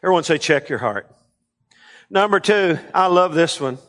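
A male pastor preaching a sermon, leading the congregation in call-and-response and swinging between loud emphatic lines and quiet asides. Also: high voice, animated, normal speed, long pauses. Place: church sanctuary. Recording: long hall reverb.

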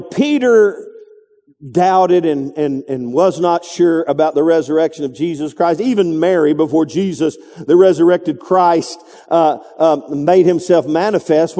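A man's voice: high-pitched, dark tone, in a large hall. A male pastor preaching a sermon, emphatic and calling out to the congregation.

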